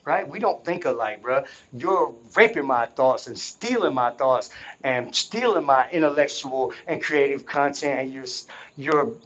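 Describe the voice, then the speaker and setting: A man's voice: medium pitch, animated, a little slow, fairly bright tone, low-quality recording. A man talking in an unscripted monologue, emphatic and insistent, often repeating himself to drive a point home. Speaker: vlogger.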